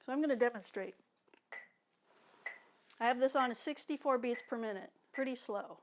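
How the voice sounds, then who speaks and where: A woman teaching drum exercises, calmly cueing each one while she plays. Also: a little high, normal speed, a little hiss or hum. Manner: calm, counts and cues exercises while playing. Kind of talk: instructional demonstration. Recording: talk over loud drumming and metronome.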